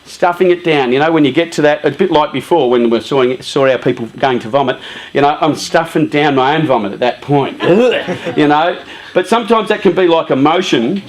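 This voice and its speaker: A man giving a casual, lively talk to a youth group, often saying "you know" and "um". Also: fairly high pitch, fairly quick.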